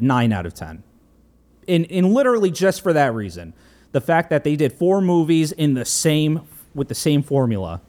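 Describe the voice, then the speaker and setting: A man in his thirties with a fairly high voice, reviewing a film in relaxed conversation. He talks earnestly and thinks his points through out loud, going back and forth before settling on a rating. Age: 30s. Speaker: podcast co-host. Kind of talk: casual film review chat.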